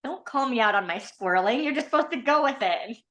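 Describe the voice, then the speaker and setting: A woman's voice: fairly high pitch, expressive, fast talker, a bit bright. A woman speaking candidly in a personal coaching session, rambling and hesitant with nervous laughter. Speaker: coaching client.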